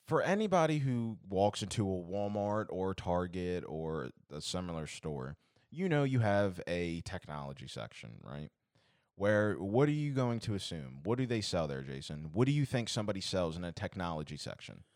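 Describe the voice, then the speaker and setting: A young man with a deep, low voice rants through a casual podcast chat, exasperated and swearing freely. The sound is dry and close, with no room around it. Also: very animated, normal speed, a little mellow, dry recording. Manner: profane, exasperated ranting. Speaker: podcast co-host.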